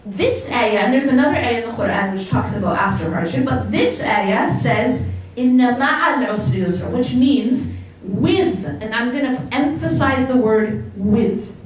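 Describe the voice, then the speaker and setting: A woman's voice: a little high, expressive, a little slow, few pauses, faint music behind. A woman giving a religious talk to a live audience as an Islamic lecturer, engaging the crowd with questions. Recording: echoey hall, voice picked up from a distance.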